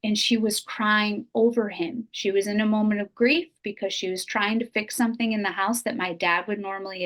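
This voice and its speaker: A middle-aged woman appearing as a podcast guest shares an emotional personal story in a medium-pitched voice. She speaks earnestly and from the heart, repeating phrases for emphasis.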